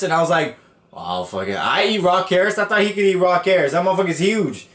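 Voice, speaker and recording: With a high, expressive, slightly bright voice and a quick pace, a male podcast host recounts a story in profane, casual slang. He raises his voice to impersonate the people in it, and the room is echoey.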